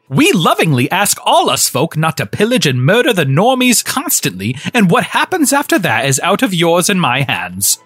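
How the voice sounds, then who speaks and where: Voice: mid-range voice, no room sound, studio quality. An actor doing a drunk swaggering old gnome. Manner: swaggering, swings from sly mutters to loud outbursts. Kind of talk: comedic audio drama.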